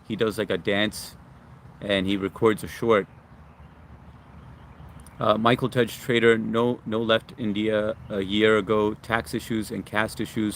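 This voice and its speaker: A man from Long Island, hosting a casual livestream outdoors in the sun, reading viewer comments and greeting them by name in a relaxed, friendly way. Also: fairly low pitch, a little hiss or hum. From Long Island, New York. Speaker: livestream host.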